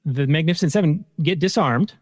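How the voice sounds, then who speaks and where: A man's voice: on the high side, fairly quick, no echo, in a large hall. A man co-hosting a podcast in a casual movie discussion, rambling along with lots of fillers. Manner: relaxed, rambling, many fillers. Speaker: podcast co-host.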